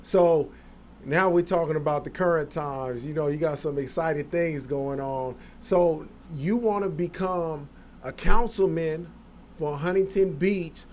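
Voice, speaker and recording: A man hosting a casual interview, asking questions in a relaxed, loose way with plenty of fillers. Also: a little high, unhurried, slight background noise. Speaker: interviewer host.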